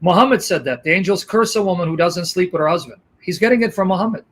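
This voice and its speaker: A man's voice: high voice, lively intonation, fast talker, a bit bright. A man hosting a live stream, reading translated interview lines aloud and reacting with indignant, outraged commentary. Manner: reads translated lines aloud between angry remarks. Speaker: host. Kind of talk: reading subtitles and commenting on a clip.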